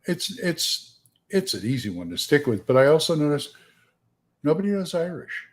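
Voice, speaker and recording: A man's voice: a little high, sing-song, normal speed. A man co-hosting a livestream in casual chat, a rambling storyteller who restarts often. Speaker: livestream co-host.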